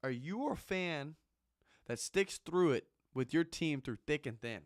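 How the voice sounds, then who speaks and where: A man's voice: on the high side, expressive, a little slow, no room sound. Fired-up ranting man, dry sound. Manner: fired-up, ranting, emphatic repetition. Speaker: vlogger and former Marine. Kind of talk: impassioned monologue.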